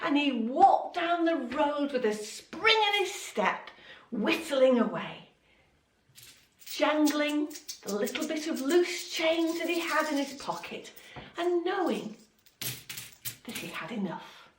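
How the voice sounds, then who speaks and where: Expressive woman telling a Bible story. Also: high voice, slow pace, slight background noise. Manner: expressive, dramatic storytelling with acted quotes. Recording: echoey room, voice from a distance.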